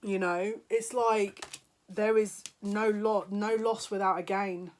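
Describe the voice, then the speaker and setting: A woman delivers a spiritual psychic reading straight to her viewers. Her voice sits at a middle pitch, and she speaks emotionally, sounding close to tears at times. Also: steady tone, slow. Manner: emotional, laughing, tearful at moments. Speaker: psychic reader. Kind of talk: spiritual card reading to camera.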